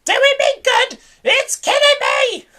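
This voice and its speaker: A woman voicing a grumpy old grandmother who yells in shrill panic, as in a storybook read aloud. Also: big pitch swings, takes it slowly, full character voice. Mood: outraged. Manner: shrill frantic shouting.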